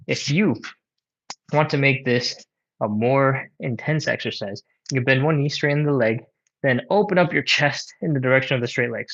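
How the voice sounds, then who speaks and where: A man's voice: a little high, fairly bright tone, lo-fi sound. A man leading a live home stretching workout, counting reps and coaching casually, a bit out of breath. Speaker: stretching instructor.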